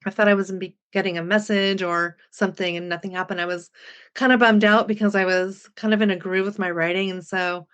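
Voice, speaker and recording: A woman's voice: mid-range voice, fairly even intonation, a little fast, a bit bright, clear, resonant tone. A woman in her sixties, a podcast guest animatedly recounting a personal story and acting out remembered dialogue. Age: 60s.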